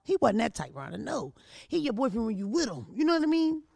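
A woman hosts her own podcast in a brash, profane comedic monologue, spinning stories with sudden outbursts. Her voice has a gravelly, fried texture and swings widely in pitch. The sound is dry and close, with no room behind it. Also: very animated, quick pace, warm tone, no echo. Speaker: podcast host.

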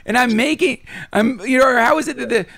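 A man's voice: very high-pitched, fast, creaky, a bit bright, no room sound, clean studio sound. A man talking casually as a podcast guest, swearing freely and swinging his voice up and down as he voices his own thoughts.

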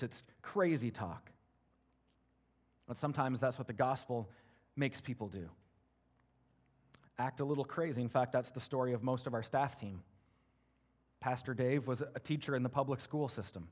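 A man preaching a sermon as a pastor, in an energetic, conversational way full of rhetorical questions. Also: mid-range voice, normal speed, pauses often.

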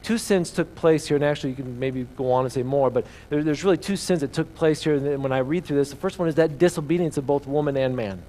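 A man's voice: a little high, fast, hardly any pauses, warm tone. A man preaching a sermon as pastor, emphatic and full of rhetorical questions to the congregation.

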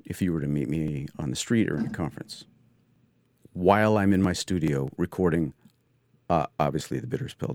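A man hosting a podcast, talking in an excitable, rambling comedic monologue from his studio. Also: a bass voice, no room sound. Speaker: podcast host. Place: home studio.

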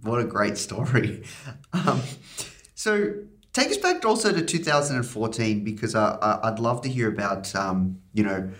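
A man's voice: lowish voice, lively intonation, moderate pace, fairly bright tone. A man hosting a podcast, reading a promo and asking questions in an upbeat, conversational way. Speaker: podcast host. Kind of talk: interview host and ad read.

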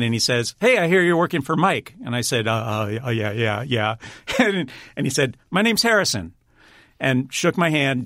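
Recorded at studio quality with no room sound, a man with a mid-range, fairly bright voice is interviewed as a guest. He's a director and writer who tells stories chattily in a casual interview, laughing often and restarting his sentences.

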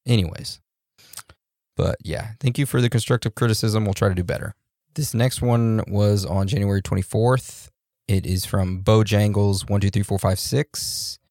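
A man co-hosting a podcast in a relaxed, joking way, reading out listener reviews with loose fillers and laughs. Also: lowish voice, moderate pace, no room sound, clean studio sound. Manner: laid-back, laughs and jokes, loose fillers. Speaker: podcast co-host.

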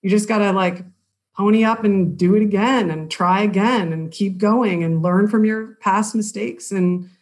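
A woman's voice: mid-range voice, normal speed. A woman guest on a podcast, speaking in an earnest, encouraging way with lots of casual fillers. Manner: earnest, encouraging, uses many "like"s. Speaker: podcast guest, cyclist and hiker. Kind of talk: casual interview chat.

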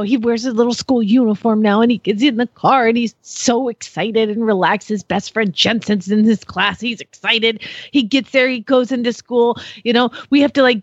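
Woman cohost chatting away, kinda high voice, laughs a lot, dull lo-fi dry sound. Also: no echo. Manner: animated storytelling with quick laughs. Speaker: podcast co-host. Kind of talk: casual chat.

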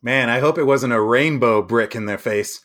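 A man's voice: mid-range voice, moderate pace, fairly bright tone, faint music behind. A man co-hosting a comedy podcast, easygoing and crude, who delivers wild stories with a mock-serious air. His voice sits in the middle range for a man. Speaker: podcast co-host. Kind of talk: comedic banter.

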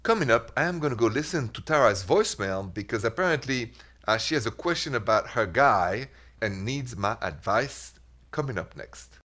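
A man's voice: medium pitch, lively intonation, moderate pace, a bit bright. A man hosting a radio advice show, talking in an earnest, reflective way with simple repeated phrases. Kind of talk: casual radio talk.

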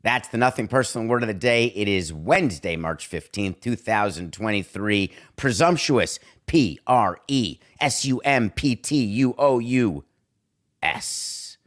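A man's voice: lowish voice, expressive, unhurried. A man hosting a sports talk show, delivering a sarcastic, exasperated monologue.

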